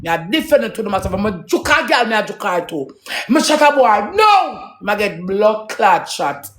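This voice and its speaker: Woman, Jamaican accent, heated profane patois rant, preachy, mid-pitched. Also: big pitch swings, moderate pace. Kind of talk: live rant to viewers.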